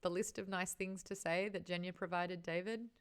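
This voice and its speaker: A woman's voice: on the low side, steady tone, normal speed, clear, resonant tone. A woman with an Australian accent hosting a casual book discussion, retelling scenes and acting out the characters' lines. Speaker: book club host.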